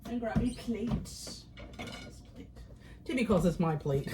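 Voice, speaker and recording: A woman's voice: medium pitch, animated, unhurried, background noise. A middle-aged woman hosting a casual cooking vlog in her home kitchen, chatty and upbeat as she talks to viewers. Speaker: cooking channel host.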